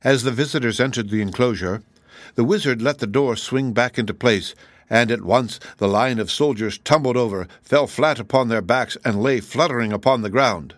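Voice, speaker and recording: A man narrating a children's book chapter in a steady, measured reading. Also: medium pitch, dry recording. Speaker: audiobook narrator. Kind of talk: scripted narration.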